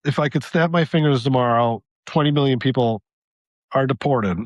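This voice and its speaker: A man's voice: mid-range voice, moderate pace, no room sound, highs cut off. A man co-hosting a podcast, talking through a policy plan step by step in a casual debate. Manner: thinks aloud, lays out a plan step by step. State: losing his voice. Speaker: podcast co-host.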